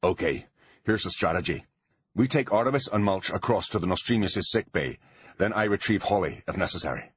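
A man doing a gruff, stern bodyguard. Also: deep voice, lively intonation, brisk, fairly bright tone, no echo, exaggerated voice. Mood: commanding. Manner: curt, commanding.

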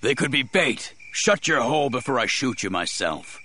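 A man's voice: a little high, moderate pace, slight background noise, pitched above the performer's own voice. A man doing a ragged, snarling militia leader. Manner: snarling, then warily calm.

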